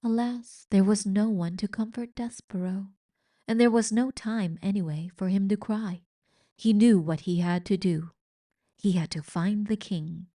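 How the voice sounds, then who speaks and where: A woman reading a children's book aloud as narrator, with slow, expressive storytelling. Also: mid-range voice.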